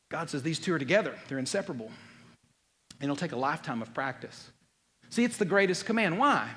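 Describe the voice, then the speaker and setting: Male pastor, emphatic sermon delivery with sudden quiet drops; long reverb of a hall. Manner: preachy, swings from loud emphatic to quiet and low.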